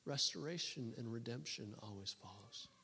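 A man preaching and telling a story to a church, with many restarts and a lively storytelling delivery. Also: medium pitch, normal speed, vocal fry, a little hiss or hum. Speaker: guest preacher. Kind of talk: sermon storytelling. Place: church hall. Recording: long reverb of a church hall.

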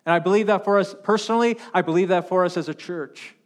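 A male pastor delivers a sermon in a church on a wireless mic. His voice sits high, and his delivery swings between fervent loud passages and soft, hushed ones. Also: quick pace. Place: church sanctuary. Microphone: wireless handheld mic.

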